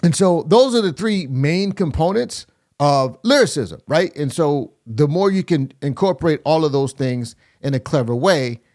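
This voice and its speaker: A man's voice: fairly high pitch, animated, moderate pace, darkish tone. A man hosting a music reaction video, chatting casually as he breaks down rap lyrics and scats rhythms to explain them. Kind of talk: casual rap critique commentary.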